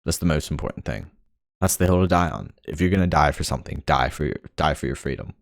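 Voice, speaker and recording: Gravelly, very deep-voiced young man ranting. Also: lively intonation, quick pace, no room sound, studio quality. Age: young adult. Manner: frustrated, profane, rambling. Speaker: vlogger. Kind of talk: ranting monologue.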